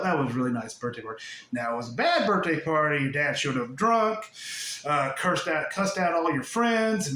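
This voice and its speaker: A man with a fairly high voice gives a spiritual talk, laughing often. His pitch leaps around as he swings between loud and hushed. It sounds like an echoey room with a faint hiss behind. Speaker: spiritual teacher.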